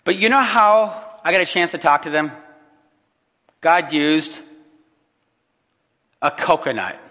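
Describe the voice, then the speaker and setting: A man from Illinois, a pastor telling a story in a sermon, animated, acting out the voices he quotes and dropping to a hush at times. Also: on the high side, slow, long reverb tail.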